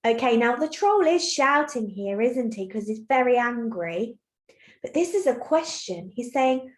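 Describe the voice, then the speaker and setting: A woman teacher giving a recorded online lesson to young children, explaining clearly, patiently and encouragingly. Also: fairly high pitch, expressive, measured pace. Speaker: primary school teacher. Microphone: computer mic while screen sharing. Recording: echoey room.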